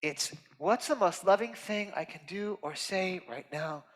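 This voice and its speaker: A man giving a heartfelt, expressive inspirational talk as a guest speaker at a temple, swinging from loud emphasis to soft near-whispers. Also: high voice, measured pace. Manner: earnest and heartfelt, tearful at moments. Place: temple sanctuary. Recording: reverberant hall.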